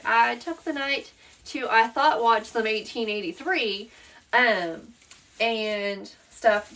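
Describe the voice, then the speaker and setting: A woman with a Southern accent hosts a live-stream craft tutorial, chatting through the steps and answering viewers by name as she works. Her voice is on the high side, pushed and bright, and the mic is distant.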